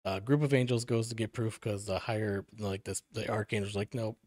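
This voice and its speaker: A man's voice: lowish voice, steady tone, brisk, darkish tone, no echo. A man, an author guest on a podcast, laying out a backstory in casual talk with many fillers and restarts.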